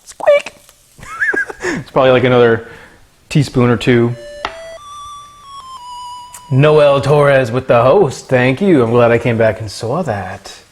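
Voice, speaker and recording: Soft background music plays alongside food sizzling in a pan while a man hosts a casual cooking livestream in his home kitchen. He speaks at a measured pace in a medium-pitched voice, pausing often, and goofily chats with viewers and his pets as he cooks.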